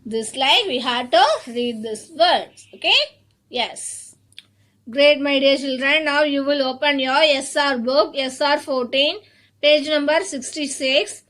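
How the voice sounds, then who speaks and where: A woman teaching an online phonics class to young children, sounding words out slowly, repeating each one and calling the children "my dear children". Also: high-pitched. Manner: addresses children warmly as "my dear children".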